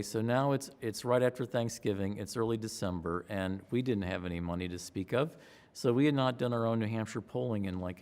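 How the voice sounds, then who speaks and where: A man, a pollster, recounting a campaign story in an interview, acting out his own excitement with gasps and a raised voice. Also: fairly low pitch. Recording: long hall reverb.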